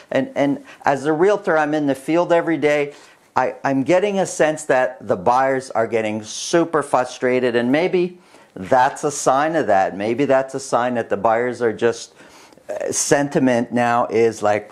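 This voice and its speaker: Chatty male realtor giving market numbers. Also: mid-range voice. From Canada. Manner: animated, chuckling storyteller with many restarts. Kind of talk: casual market update to camera.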